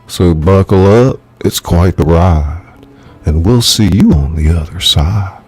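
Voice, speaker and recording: A man, an author, reading his own thriller novel aloud in measured, dramatic storytelling. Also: low voice, darkish tone, husky, soft background music. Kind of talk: live audiobook narration.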